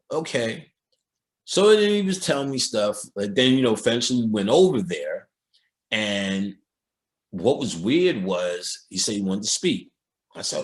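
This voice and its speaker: A man's voice: fairly low pitch, very animated, a little slow. Streetwise, profane man lecturing. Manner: streetwise, profane, storytelling, mimics voices. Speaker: occult lecturer. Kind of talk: casual spoken lecture.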